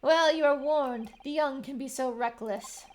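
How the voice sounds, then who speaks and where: A woman's voice: high voice, unhurried, a little hiss or hum, pitched above the performer's own voice. Woman as smug male prosecutor, theatrical, threatening. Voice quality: theatrical, menacing.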